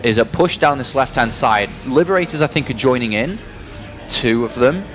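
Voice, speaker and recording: A man giving live play-by-play commentary on a strategy game, building excitement. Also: medium pitch, moderate pace, soft background music. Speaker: esports caster.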